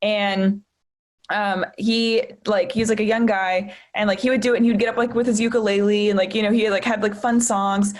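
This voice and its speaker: A woman's voice: medium pitch, level tone, moderate pace. A young woman, a stand-up comedian, talking casually as a podcast guest, telling stories with quoted voices and a lot of swearing. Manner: chatty storyteller, quotes people, swears freely. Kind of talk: casual chat.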